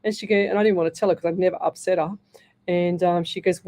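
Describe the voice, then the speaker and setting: Middle-aged woman, Australian accent, live radio host, rambling with restarts, lowish voice, mellow tone. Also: flat delivery, fast. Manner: rambling, with many restarts and fillers. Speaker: radio host and psychic medium.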